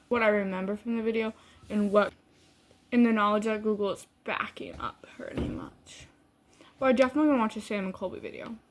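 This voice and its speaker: A woman from Michigan with a Midwestern accent, casually telling a story to her camera in a rambling way full of fillers and restarts. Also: medium pitch. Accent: Midwestern American. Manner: rambling, heavy use of "like" and restarts. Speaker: vlogger.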